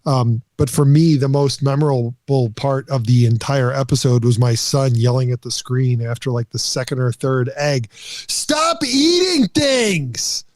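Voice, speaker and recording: A man with a mid-range voice co-hosts a podcast, chatty and quick to joke. The sound is dry and close, with no room echo. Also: medium pitch, flat delivery, mellow. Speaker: podcast co-host. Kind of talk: casual chat.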